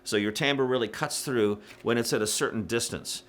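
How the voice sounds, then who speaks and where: Coaching church singers in a frank, casual instructional talk, a male worship music director uses many fillers and brief demonstrations. He speaks at normal speed in a medium-pitched, fairly bright voice, with slight hiss or hum audible.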